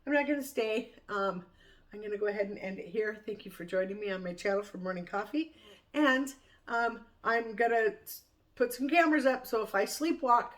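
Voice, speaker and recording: A woman's voice: mid-range voice, brisk. A woman vlogger chatting casually to camera over morning coffee, rambling and laughing often. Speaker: cooking vlogger.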